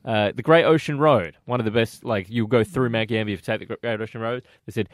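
A man's voice: mid-range voice, quick pace, few pauses, no echo, studio quality. An Australian man in his thirties co-hosting a breakfast radio show, chatty and laughing as he tells stories. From Western Australia. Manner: chatty, laughing, animated storytelling. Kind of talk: casual breakfast radio banter.

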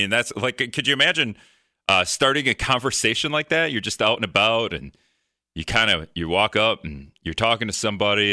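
A man's voice: lowish voice, bright, forceful tone, no room sound, clean studio sound. A man hosting a call-in radio talk show, rambling in a joking way and acting out exasperated reactions.

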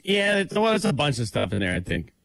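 A man's voice: fairly high pitch, fairly quick, creaky. A man co-hosting a morning radio show over a phone line, telling laid-back stories in casual banter. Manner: storytelling, laid-back, animated. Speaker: radio co-host.

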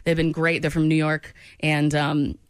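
A woman hosting a morning radio show, teasing and laughing with her co-hosts. Her voice sits a little low and comes across dry and close on a studio mic. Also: level tone, normal speed, clean tone, dry recording. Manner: playful, teasing, laughs often. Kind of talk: casual radio banter. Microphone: studio microphone.

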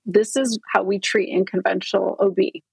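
A middle-aged woman doctor with a husky, slightly breathy voice, speaking earnestly as a podcast guest. She explains medical points plainly and walks through patient stories. Her voice sounds close and dry, with no room around it. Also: mid-range voice, level tone, moderate pace, dry recording, low-quality recording. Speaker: gynecologist guest. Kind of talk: interview storytelling.

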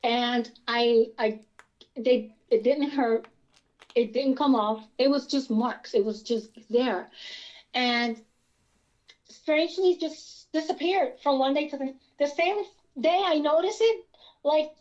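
A woman from Pennsylvania telling her own experiences in a casual interview, animated and rambling with many restarts. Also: sits high, takes it slowly, highs cut off. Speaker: guest experiencer.

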